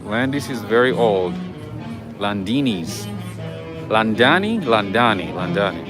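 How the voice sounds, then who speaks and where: A man's voice: on the low side, sing-song, unhurried. A man hosting a casual live walking tour outdoors at night, chatting with viewers and answering their comments. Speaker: livestream host. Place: outdoors on an old-town street at night. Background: jazz music playing nearby.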